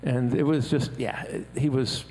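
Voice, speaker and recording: A man chatting casually about his music career, an animated storyteller who slips into other people's voices when he quotes them. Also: mid-range voice, a little slow. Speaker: musician guest. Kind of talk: casual chat. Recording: long hall reverb with faint noise.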